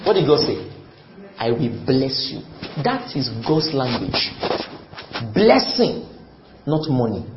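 Animated man preaching a sermon. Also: mid-range voice, slow, pauses often. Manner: call-and-response, asks the congregation questions; emphatic, repeats phrases. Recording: echoey, slightly muffled, faint room noise.

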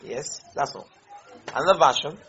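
A man's voice: on the high side, normal speed, bright, forceful tone. A man leading a Bible study, repeating and stressing words as he calls on listeners. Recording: muffled lo-fi recording.

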